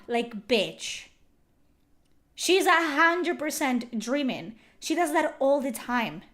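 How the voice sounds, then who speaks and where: Young woman, livestream chat, slightly high pitch, animated, swears a lot, filler-heavy. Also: slow pace. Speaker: streamer.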